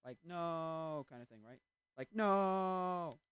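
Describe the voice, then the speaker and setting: A man's voice: fairly high pitch, slow, clear, resonant tone, dry recording, clean studio sound. A man streaming a game, chatting casually in a rambling way and breaking off to react to play. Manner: rambling, animated, interrupts himself to react to the game. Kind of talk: casual chat while playing.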